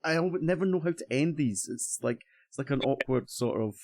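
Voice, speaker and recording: A man's voice: mid-range voice, expressive, brisk, a little mellow, dry recording. Cheerful Scottish man hosting a stream. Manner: chatty, cheerful, stumbling restarts. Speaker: streamer host. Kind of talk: casual stream chat.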